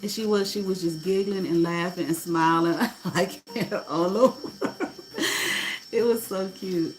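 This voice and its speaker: A middle-aged woman telling a personal story in a casual way, animated, swearing freely and acting out what people said. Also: on the low side, unhurried, slight background noise, poor audio. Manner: animated, swearing, laughing, acts out quotes. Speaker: host.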